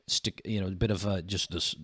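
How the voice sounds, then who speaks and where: Low-voiced halting man on a podcast. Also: slightly rough, no echo. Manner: halting, restarts a lot, animated when riled. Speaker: podcast co-host. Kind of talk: casual political chat.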